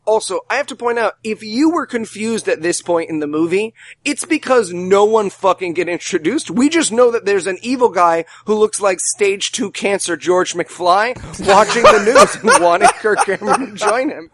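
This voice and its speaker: High-voiced man riffing on a movie. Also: very animated, a bit bright. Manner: profane, fast riffing, slips into silly voices. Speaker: podcast co-host. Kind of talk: comedic movie-riffing banter.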